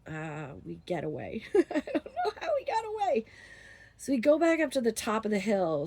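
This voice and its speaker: A woman's voice: lowish voice, a little mellow. A woman casually telling a story from her youth, rambling with lots of fillers and frequent laughter.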